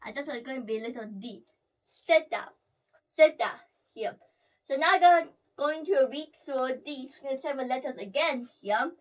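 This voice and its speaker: High-voiced woman teaching pronunciation, mic distant. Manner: ends phrases with a habitual "here", repeats sounds slowly. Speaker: language teacher. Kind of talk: explaining while drawing letters.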